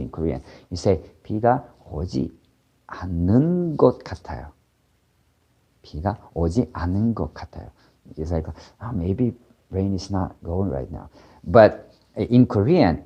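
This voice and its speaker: Man, very low pitch, dark mellow tone, casual grammar teacher, halting delivery with quick example bursts. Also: muffled recording. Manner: halting, many fillers and restarts, switching into quick Korean examples. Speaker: Korean language teacher. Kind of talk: casual explanatory lesson.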